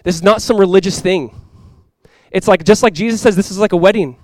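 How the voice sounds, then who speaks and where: A young man preaching a sermon as a pastor. He talks in a casual, conversational way with lots of "like," and swings from quiet, earnest lows to loud, excited highs. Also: a little fast, no room sound. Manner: casual and conversational, with many "like" fillers.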